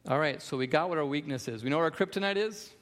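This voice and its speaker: A man's voice: fairly high pitch, fast talker, a bit bright, long reverb tail. A man preaching a sermon as pastor, emphatic, with repeated refrains.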